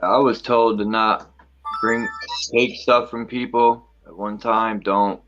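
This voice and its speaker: Brief: man, lowish voice, speculative questions, dull lo-fi sound. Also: flat delivery, takes it slowly, fairly bright tone, soft background music. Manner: wondering, asks speculative questions. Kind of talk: casual chat.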